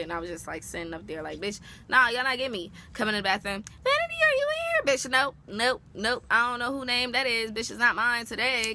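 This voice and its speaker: A young woman spins a casual storytime for her vlog, and her voice comes across bright and forward. Her telling is animated and loaded with slang and swearing. Her pitch sits mid-range for a woman. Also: a little hiss or hum. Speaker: vlogger.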